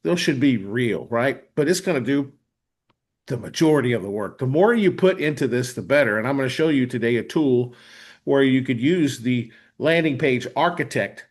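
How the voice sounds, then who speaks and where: Excited man hosting a live demo. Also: mid-range voice, moderate pace. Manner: enthusiastic, frequent "right?" tags. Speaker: host.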